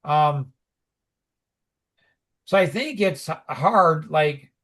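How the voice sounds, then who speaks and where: A middle-aged man talking casually on a podcast, rambling with lots of "like" and "you know" and animated asides. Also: a little high, extremely slow. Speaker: podcast co-host. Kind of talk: casual conversational podcast talk.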